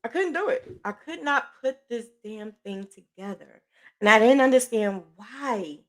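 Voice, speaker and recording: A middle-aged woman hosting a podcast, telling a personal story in a chatty, animated way with sighs and self-corrections. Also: a little high, measured pace. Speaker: podcast host.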